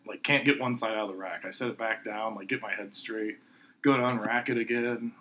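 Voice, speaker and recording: A man hosting a casual podcast, his voice bright and a little forceful. He tells lively gym stories and laughs often as he talks. A faint hiss of room noise sits under his voice. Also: on the low side, a little fast. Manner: laughing storyteller, animated retelling of gym stories. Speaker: podcast host. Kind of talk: casual chat.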